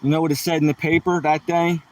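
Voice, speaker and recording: He sits far from the mic, talking fast with a flat delivery in a slightly high, a little mellow voice. As host of a casual joke-telling livestream, he rambles through corny jokes and pokes fun at himself.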